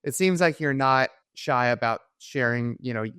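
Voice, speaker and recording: A man's voice: mid-range voice, normal speed, fairly bright tone, smooth, dry recording, clean studio sound. A man hosting a casual podcast interview, easygoing and agreeable, often chiming in with short affirmations. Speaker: podcast host.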